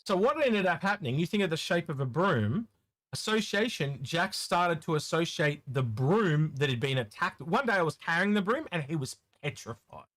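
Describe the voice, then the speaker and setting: A man's voice: fairly high pitch, big pitch swings, moderate pace, fairly bright tone, dry recording. A man with a Tasmanian Australian accent co-hosting a live question-and-answer stream, chatting casually, rambling and repeating words as he restarts his sentences. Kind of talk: casual chat.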